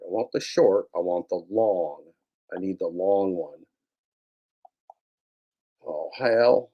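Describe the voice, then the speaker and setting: A man's voice: low voice, slow, lo-fi sound. A man giving rambling screen-share commentary as a YouTube broadcaster, sarcastic and mock-scolding, repeating his own phrases.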